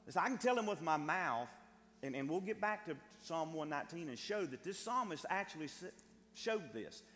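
Speaking at normal speed in a high-ish, sing-song, slightly bright voice, a man delivers an emphatic sermon, reading scripture, repeating phrases for emphasis and calling out to the brethren. A long reverb tail trails his words.

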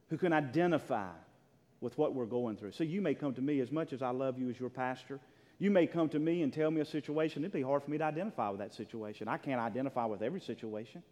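A pastor preaching a sermon in a church, emphatic, swinging between loud declarations and hushed, near-whispered lines. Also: male voice, mid-range voice. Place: church sanctuary. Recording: long reverb of a large hall.

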